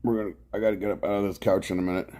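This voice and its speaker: A man's voice: deep voice, little pitch movement, very fast, warm tone. A man hosting a casual live stream from his couch at home, greeting viewers by name and rambling about his rides. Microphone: clip-on mic worn from bike riding.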